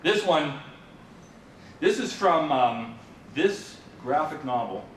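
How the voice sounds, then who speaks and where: A man gives an informal talk in a symposium presentation room, taking his time and using lively intonation. He walks the audience through a story, asks them questions, and lectures casually with fillers; the recording is roomy, captured from a distant mic with a faint rumble.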